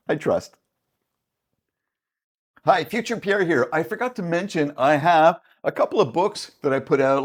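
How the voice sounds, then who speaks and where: A man from Canada hosting a casual reaction video, friendly, with self-deprecating asides. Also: medium pitch.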